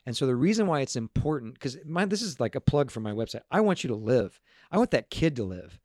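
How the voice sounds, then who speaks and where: Man, mid pitch, earnest, animated storytelling, repeated restarts, dry close sound. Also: a little fast, no room sound. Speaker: guest speaker on parenting and emotions. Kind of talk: casual storytelling talk to a group.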